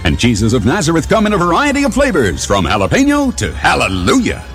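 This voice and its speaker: A man's voice: fairly high pitch, huge pitch swings, fast talker, a bit bright, soft background music. A man voicing a mock advertisement in an upbeat, salesy announcer manner. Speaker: commercial announcer.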